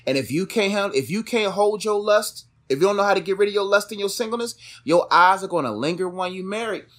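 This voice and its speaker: A man's voice: high voice, lively intonation, fast talker, fairly bright tone. Emphatic preachy young man. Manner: emphatic, preachy, repeats phrases for stress. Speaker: podcast co-host. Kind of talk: casual motivational talk.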